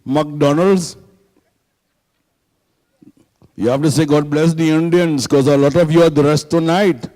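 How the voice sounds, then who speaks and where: A man's voice: a little high, normal speed, darkish tone, natural voice. A man voicing a cheeky male T-shirt seller in a stand-up comedy bit, teasing the crowd.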